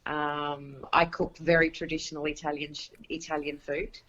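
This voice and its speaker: A woman with an Australian accent chatting casually as a guest in an interview, easygoing and quick to laugh. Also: deep voice, flat delivery, fairly bright tone, dull audio. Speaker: guest, home cooking show host.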